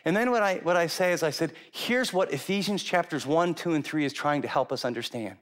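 A middle-aged pastor delivering a sermon in a fairly high-pitched male voice. He preaches with animated emphasis, hammering words again and again and slipping into quoted voices. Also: a little fast.

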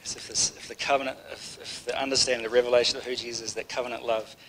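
A man's voice: mid-range voice, flat delivery, very fast, a bit bright, rough recording. Man giving a rambling, conversational sermon. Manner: conversational, rambling, with many restarts. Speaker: preacher. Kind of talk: informal sermon.

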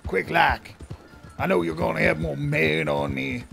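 A man giving casual gameplay commentary, rambling and stammering as he jokes along. His voice is strongly gravelly and fairly high, and he talks slowly. Faint music plays under him. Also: fairly even intonation, fairly bright tone. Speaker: streamer playing a game.

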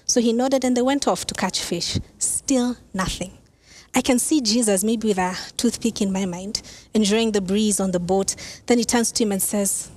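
A woman pastor preaching a sermon who tells the story in a lively, conversational way with casual asides. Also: mid-range voice, moderate pace. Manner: animated storytelling, acts out quoted lines.

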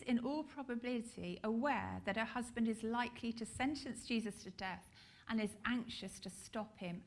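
British lady preaching a sermon, talks slow n deliberate, pauses for emphasis. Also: a little high.

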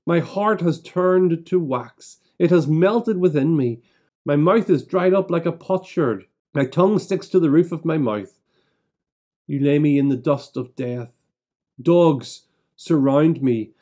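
A man serving as a church minister, leading prayers and reading scripture aloud in a measured, solemn way with deliberate pauses. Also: fairly high pitch, warm tone.

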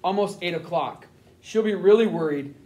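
A man voicing a middle-aged German spy who speaks quietly in stiff, formal phrases. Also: high voice, moderate pace, close to an everyday voice. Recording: roomy echo.

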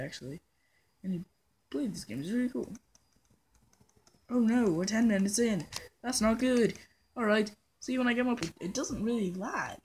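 Husky young woman, playful gaming chatter. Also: medium pitch, a little mellow. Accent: put-on British persona. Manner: playful, rambling, self-mocking, drifts into hummed nonsense. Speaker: gaming channel host. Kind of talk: casual let's-play commentary. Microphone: phone recording.

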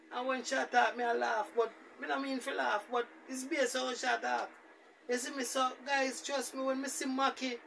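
A man's voice: very high voice, gravelly, far from the mic, slight background noise. A man with a Jamaican Patois accent rambling through a casual, repetitive story as a vlogger. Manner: rambling, repetitive, animated retelling.

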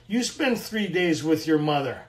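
A man's voice: on the high side, very animated, a little slow, roomy sound, distant mic. A middle-aged man from Canada, earnestly sharing a personal recovery story at a meeting and acting out the dialogue.

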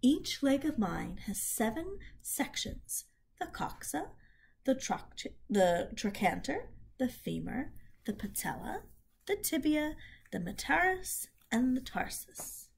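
Woman doing a calm clever lady spider, storybook read-aloud, lively up and down, little gravel. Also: sits high, takes it slowly, pitched above the performer's own voice, full character voice. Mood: patient. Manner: calm, explaining and coaching. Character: wise patient female spider.

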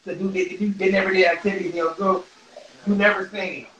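A man's voice: high-pitched, flat delivery, a little fast, fairly bright tone, highs cut off, a little hiss or hum. A man chatting casually on a livestream, laughing often and reading viewer comments aloud in a loose, rambling, profane way.

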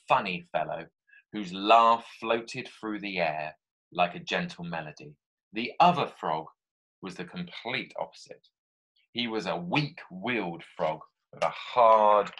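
A man leads a remote writing lesson for young pupils, talking his draft through aloud with friendly asides. His voice sits fairly low yet comes across bright and forceful. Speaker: primary school teacher.

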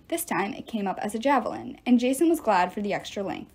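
A woman reading a novel aloud with expressive, dramatic narration. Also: a little high, quick pace. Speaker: audiobook reader.

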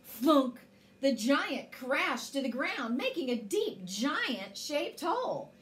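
Slow, animated woman reading a bedtime story. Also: high-pitched, slight background noise.

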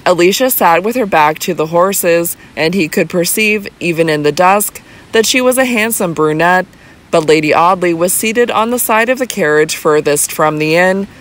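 A narrator reads a classic novel aloud at a measured pace, with an even storytelling voice in the middle range. The reading is steady and unhurried. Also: mid-range voice. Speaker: audiobook narrator. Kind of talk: scripted narration.

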